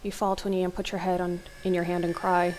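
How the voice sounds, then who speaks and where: A woman's voice: on the low side, level tone, quick pace, noisy background. A young woman hosting a let's play, reading an interactive horror novel aloud into a desk mic, breaking her dramatic reading with startled gasps and comments. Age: young adult.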